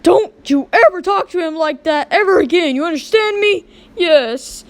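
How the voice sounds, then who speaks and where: Strict parent, voiced by a woman, high and loud, scolds in a slow, firm way. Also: big pitch swings, exaggerated voice. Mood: scolding. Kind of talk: homemade animated skit voicing.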